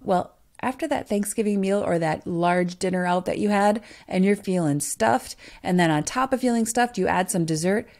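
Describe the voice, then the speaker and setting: A woman's voice: medium pitch, moderate pace, few pauses, a little mellow. A woman hosting a podcast, giving a motivational monologue with emphatic rhetorical questions to the listener. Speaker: podcast host.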